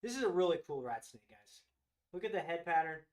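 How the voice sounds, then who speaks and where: High-voiced, excited man hosting a live sale. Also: brisk. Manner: enthusiastic, gushing over animals. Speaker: host of a live reptile sales show. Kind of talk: live-stream product showcase.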